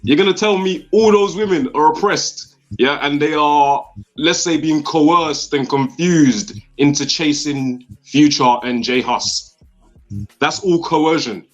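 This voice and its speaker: A man's voice: on the high side, slow. Guy, sarcastic and argumentative, dull lo-fi sound with faint music behind. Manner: sarcastic, argumentative, tag questions. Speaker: construction worker, debate guest. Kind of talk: heated debate.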